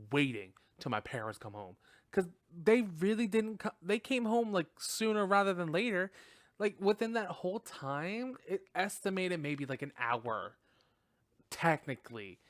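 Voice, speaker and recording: A man hosting a podcast, reviewing a film in casual chat, profane and animated, laughing often. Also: fairly high pitch, moderate pace, no room sound, clean studio sound. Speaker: podcast host.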